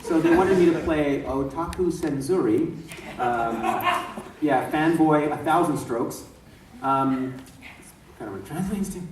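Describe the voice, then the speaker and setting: A man voice actor telling animated, laughing stories to a convention panel audience. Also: a little high, unhurried, a little hiss or hum. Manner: laughing, acts out voices mid-story. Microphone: far from the mic. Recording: echoey room from far off.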